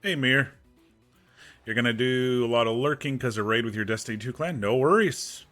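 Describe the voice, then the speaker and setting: A man hosting a relaxed live stream, chatting with viewers and greeting them by name, rambling along with small restarts. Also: mid-range voice, moderate pace, faint music behind. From United States. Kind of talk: casual live-stream chat. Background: game soundtrack playing faintly.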